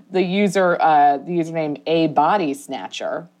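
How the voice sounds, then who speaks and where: A woman's voice: sits low, very animated, measured pace, darkish tone. A woman co-hosting a comedy podcast in casual chat, giggly and rambling with lots of fillers, on a lesser microphone than usual. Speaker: podcast co-host. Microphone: not her usual good microphone.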